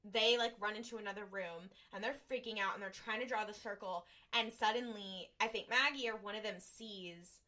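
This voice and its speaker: A young woman co-hosting a podcast, retelling a TV episode in a rambling, animated way, full of fillers and acted-out quotes. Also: medium pitch, normal speed, hardly any pauses. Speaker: podcast co-host. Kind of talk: casual chat recapping an episode.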